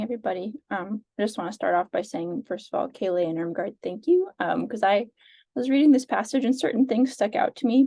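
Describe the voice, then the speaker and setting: A woman sharing reflections with a reading group on a video call, earnest and hesitant, with many pauses and fillers. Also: mid-range voice, vocal fry, warm tone, no room sound.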